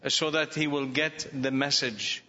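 A man's voice: on the high side, flat delivery, normal speed, pushed and bright. A man speaking earnestly and emphatically in a Bible study discussion. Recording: dull recording with hall reverb and faint noise.

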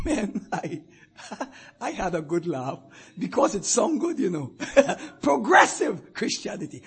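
An older man preaching a sermon, swinging from hushed asides to shouted declarations. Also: high voice, huge pitch swings, slow, husky.

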